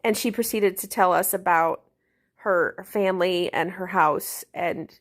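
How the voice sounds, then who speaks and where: A woman, a homeschooling mother, calmly recounts an eerie thing her child said. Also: fairly low pitch, a little slow. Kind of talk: calm storytelling.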